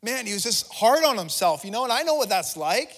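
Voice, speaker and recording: In a large church hall, a male pastor with a high, sing-song voice preaches a fairly quick, impassioned yet conversational sermon, often restarting phrases.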